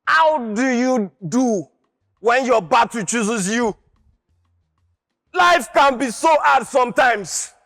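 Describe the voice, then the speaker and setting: A man's voice: very high voice, lively intonation, slow, creaky, pauses often, fairly bright tone, in a large hall, faint music behind, heavily acted. A male acting contestant performing a stage monologue as an impassioned man urging people never to give up, delivered in a preachy, rousing way.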